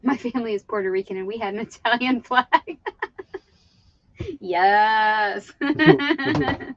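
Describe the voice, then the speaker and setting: A woman's voice: fairly high pitch, slow pace. A woman from Virginia hosting a casual reseller stream. She chats while she works, giggles often and says "like" and "you know what I mean" a lot. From Virginia, USA. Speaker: eBay reseller and channel host. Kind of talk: casual chat while working. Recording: slightly dull lo-fi sound.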